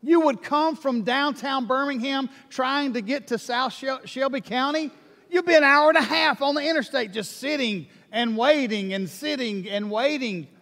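Man, high voice, pastor preaching, animated, long church hall reverb. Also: moderate pace. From Alabama. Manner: animated, repeats words, acts out prayers. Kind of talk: sermon. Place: church sanctuary.

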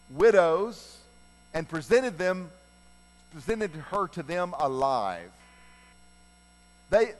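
A male preacher with a fairly high voice, telling a Bible story in a folksy, animated manner. He preaches in a church sanctuary, and his voice carries with a long hall reverb. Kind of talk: sermon retelling a Bible story.

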